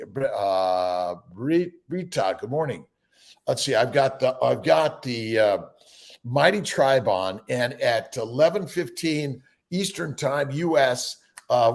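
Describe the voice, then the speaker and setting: A man hosting a casual morning livestream, rambling with many fillers as he greets viewers by name. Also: medium pitch. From United States. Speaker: livestream host.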